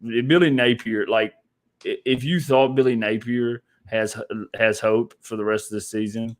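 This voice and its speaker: A man's voice: medium pitch, fairly even intonation, measured pace. Rambling man on a sports podcast. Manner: rambling, frequent restarts, laughs often. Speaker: podcast co-host. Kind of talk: casual sports podcast chat.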